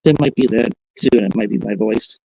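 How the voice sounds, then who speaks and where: Sleepy male stream host, gravelly and mellow, rambling chat over a phone. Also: lowish voice, a little fast, low-quality recording. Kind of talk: late-night casual chat. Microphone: phone held to the face.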